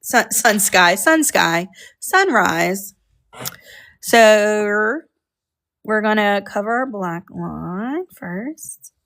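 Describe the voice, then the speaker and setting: A woman walks viewers through a coloring lesson in a relaxed, chatty way. Her voice sits at a middle pitch, and she talks to her audience between steps. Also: extremely slow. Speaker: art teacher on a live stream. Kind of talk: casual live coloring class.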